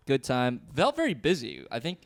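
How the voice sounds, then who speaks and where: A man's voice: mid-range voice, huge pitch swings, normal speed, no room sound. A man co-hosting a podcast, a stand-up comic telling stories in casual chat, laid-back, laughing often and filling his talk with "like". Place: New York City.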